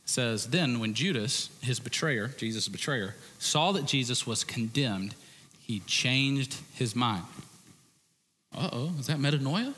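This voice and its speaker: A male pastor preaching an animated sermon, acting out quoted voices and swinging between loud and hushed passages. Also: medium pitch, unhurried, breathy edge, long reverb tail.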